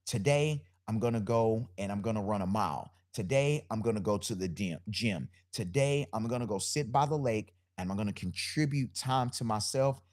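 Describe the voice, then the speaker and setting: A man with a deep bass voice hosting a live solo podcast, talking loosely about energy and spirit and repeating his phrases. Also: expressive, normal speed, hardly any pauses, darkish tone. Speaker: podcast host.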